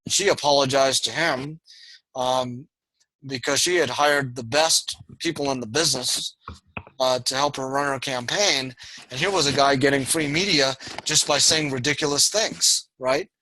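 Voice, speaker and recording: A male lecturer teaching an online university class. His voice is bright and forceful, at a middle pitch for a man. He talks in a discursive way, full of fillers, asides and restarts. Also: normal speed, poor audio.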